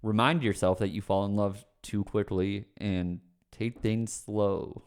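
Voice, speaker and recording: A man's voice: on the low side, fairly even intonation, measured pace, clear, resonant tone. A man on a livestream chatting casually with viewers, ranting, swearing and then apologizing with a laugh. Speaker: streamer answering chat questions.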